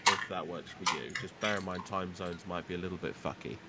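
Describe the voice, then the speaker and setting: A man's voice: deep voice, steady tone, brisk, noisy background. A man running a tabletop game as game master, narrating and chatting in a hesitant, filler-heavy way.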